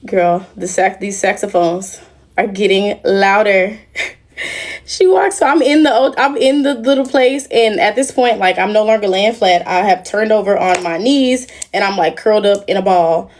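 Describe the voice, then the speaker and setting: A woman's voice: medium pitch, normal speed. A young woman on a casual livestream, talking emotionally and in a rambling way straight to her viewers. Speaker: livestream host.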